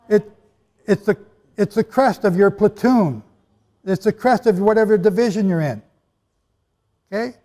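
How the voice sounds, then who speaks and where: A slightly mellow man's voice, sitting high, carries a sermon-style teaching to a live audience. He speaks emphatically and conversationally and quizzes his listeners in a large hall, with long reverb on the recording.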